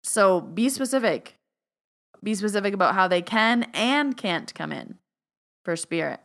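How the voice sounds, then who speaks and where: Chatty woman podcaster with a smooth voice. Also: medium pitch, lively intonation, a little slow. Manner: emphatic, stern and loud when quoting her own boundary commands; chatty, with "like" fillers and playful asides. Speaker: podcast host, spiritual medium. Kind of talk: casual solo podcast talk.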